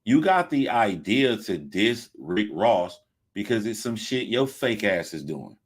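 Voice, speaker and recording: A man's voice: fairly low pitch, sing-song, unhurried, slightly rough. A man hosting a heated talk debate, mocking and sarcastic, with plenty of profanity. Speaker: host.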